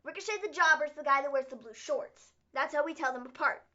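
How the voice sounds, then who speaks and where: Woman co-host, high and bright, sarcastic casual delivery, muffled lo-fi stream audio. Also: fast. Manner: sarcastic, playful recapping. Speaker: co-host of a wrestling recap stream. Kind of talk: casual chat.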